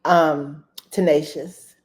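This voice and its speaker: A woman guest in a casual interview, answering in an unhurried, thoughtful way with many fillers. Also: sits low, fairly even intonation.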